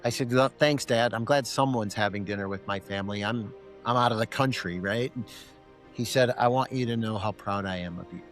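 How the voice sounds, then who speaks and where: A man's voice: on the low side, a little fast, soft background music. A middle-aged man, a podcast guest, telling a personal story and acting out both sides of a remembered conversation. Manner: animated, acts out both sides of remembered dialogue.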